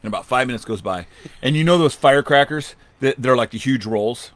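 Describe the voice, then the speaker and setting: Animated male storyteller, dry close sound. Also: medium pitch, a little fast, no echo. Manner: animated storyteller, acts out quotes loudly. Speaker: podcast co-host. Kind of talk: casual storytelling chat.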